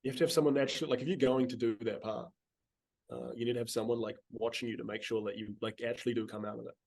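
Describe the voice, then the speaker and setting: A young man talks in a relaxed, casual way on a podcast, dropping swear words and letting sentences trail off. His voice is husky and sits at an ordinary pitch for a man. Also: fast. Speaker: podcast guest. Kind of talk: casual chat.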